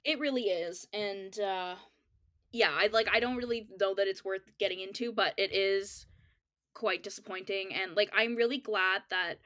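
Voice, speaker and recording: Woman, podcast co-host, easygoing, agreeable, casual chat, middle pitch. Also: moderate pace, sharp tone. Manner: easygoing, agreeable, laughs along.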